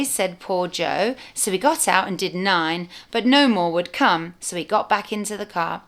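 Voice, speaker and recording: A woman, a teacher, reading a storybook aloud to young children with clear, expressive storytelling. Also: on the low side, normal speed.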